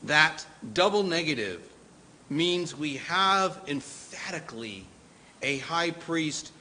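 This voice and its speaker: A middle-aged male pastor delivering a sermon at an unhurried, measured pace. His voice sits a little high and has a bright, forceful edge. He leans hard on key words for emphasis. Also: lively intonation, a little hiss or hum, poor audio. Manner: slow, deliberate preaching with emphatic rises.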